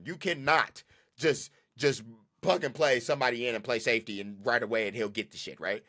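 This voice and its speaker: A man hosting a solo podcast rants about football with a bright, lively voice that swings up and down a lot. He repeats his points for emphasis and talks in a loose, slangy way. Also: medium pitch. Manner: ranting, emphatic, repeats himself; slangy and casual. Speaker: podcast host.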